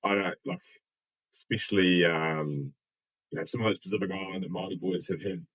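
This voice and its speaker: A man hosting a casual interview, relaxed and hesitant. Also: low voice, fairly quick, husky, low-quality recording. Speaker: podcast host.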